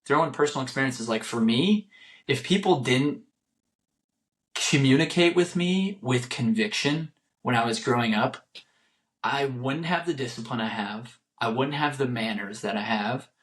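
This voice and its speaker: Young male podcast host at mid pitch, earnest, repeats himself for emphasis. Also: moderate pace. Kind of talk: solo motivational podcast talk.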